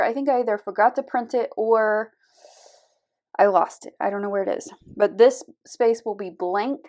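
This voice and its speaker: A woman, chatting warmly and gushing as she walks through her planner stickers, her voice a little scratchy from a cold. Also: medium pitch. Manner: gushing, chatty, frequent soft asides. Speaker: planner vlogger. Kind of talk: casual chat over a craft video.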